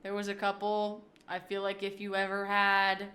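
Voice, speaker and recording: A woman's voice: mid-range voice, completely flat delivery, normal speed, a bit bright, roomy sound. A woman streamer chatting casually on a livestream, rambling through off-the-cuff reactions.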